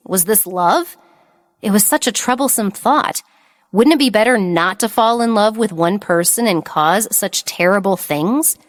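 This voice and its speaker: A woman narrating a romance audiobook in an even, measured reading. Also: medium pitch, no echo, studio quality. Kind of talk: scripted narration.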